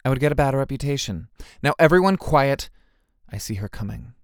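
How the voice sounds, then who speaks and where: A man's voice: medium pitch, expressive, a little fast, no echo, studio quality, natural voice. A man voicing a serious, lecturing female sniper speaking over a radio, in a storybook reading.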